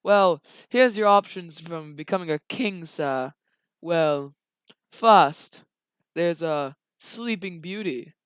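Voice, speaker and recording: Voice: mid-range voice, lively intonation, slow, clear, resonant tone, no room sound. Someone voicing a fumbling, deferential magic mirror. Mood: hesitant. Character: hesitant, polite magic mirror servant. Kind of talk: improvised storytelling while drawing.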